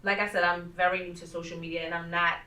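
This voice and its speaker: A woman hosting a podcast as a coach, talking in a reflective, measured way. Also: fairly low pitch, little pitch movement, bright, forceful tone, echoey room, distant mic. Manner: reflective, measured, faith-minded. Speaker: podcast host, life coach. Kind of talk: casual conversational podcast.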